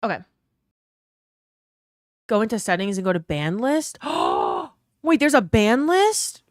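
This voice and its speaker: A young woman live streamer from New Orleans talks easily with her viewers, picking up comments and answering with loose, casual swearing. Her voice sits at a middle pitch, and the sound is close and dry. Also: wildly swooping pitch, slow, no echo. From New Orleans, US South. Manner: chatty, reads chat aloud, swears casually.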